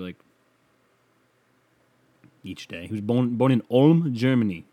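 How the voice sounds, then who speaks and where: A man rambles through a casual solo podcast, crude and joking at his own expense. His voice sits low and mellow. He is recorded close on a sensitive mic in a small, dry home studio. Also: no room sound. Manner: crude, rambling, self-mocking. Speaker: podcast host.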